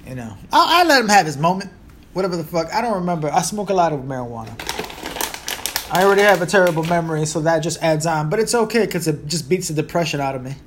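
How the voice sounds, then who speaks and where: A Puerto Rican man in his thirties talks alone into a close podcast mic, swearing freely as he rambles and jokes. His voice sits high and swings widely up and down. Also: sing-song, fast talker, slight background noise. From Puerto Rico. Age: 30s. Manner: profane, rambling and joking. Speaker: podcast host. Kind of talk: casual monologue.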